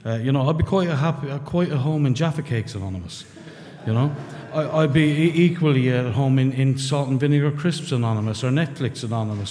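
A middle-aged man with an Irish accent tells his own story to a room of listeners. His talk is frank, salted with curses and dry jokes at his own expense. His voice sits at an ordinary middle pitch and rings out with a long hall reverb. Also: a little mellow. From rural Ireland. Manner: blunt, candid, swearing, wry self-mocking humor. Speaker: member sharing at a recovery meeting. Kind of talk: personal testimony to a group. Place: meeting room.

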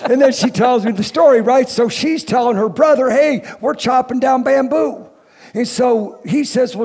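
A man in his fifties with a fairly high voice tells a personal recovery story. He acts out every quoted line with animation. The long reverb of a hall hangs on his words. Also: a little mellow. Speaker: recovery speaker. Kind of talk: storytelling talk.

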